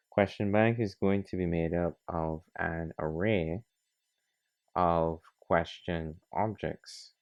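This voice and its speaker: A man narrating a coding tutorial, talking methodically through each step. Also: sits low. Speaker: programming tutor. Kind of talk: screen-recorded coding tutorial.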